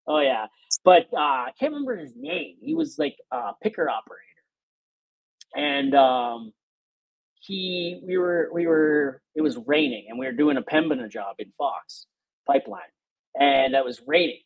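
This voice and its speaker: Gravelly profane man telling oilfield stories. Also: a little high, moderate pace, dry recording, phone-quality sound. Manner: profane, animated storyteller who acts out quotes. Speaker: podcast host. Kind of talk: casual storytelling chat.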